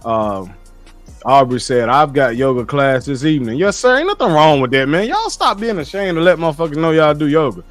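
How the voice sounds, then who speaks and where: A man's voice: on the high side, very animated, brisk, faint music behind. A man on a casual livestream, reading his chat and lecturing his viewers in a blunt, profane way. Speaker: streamer reading live chat.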